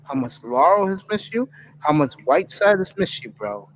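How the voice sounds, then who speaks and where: A man's voice: fairly high pitch, sing-song, moderate pace, slight background noise, low-quality recording. A man hosting a live stream in casual chat, effusive and openly emotional as he thanks his friends.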